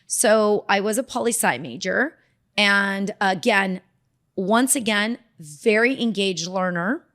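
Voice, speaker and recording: Taking it slowly at a medium pitch, a middle-aged woman from Southern California, a dermatologist guest, narrates her life story in an informal interview. She's lively, acting out the voices of anyone she quotes.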